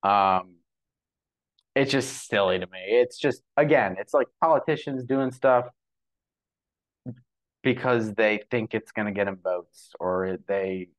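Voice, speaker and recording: A young podcast co-host offers casual, opinionated commentary in a fairly low voice, captured on a low-quality recording. He's animated and leans heavily on fillers.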